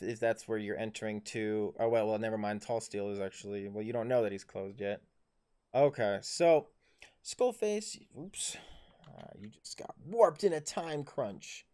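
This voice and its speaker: A man's voice: on the low side, darkish tone, smooth. A man running a tabletop game as dungeon master on a livestream, coaching his players in an instructive way.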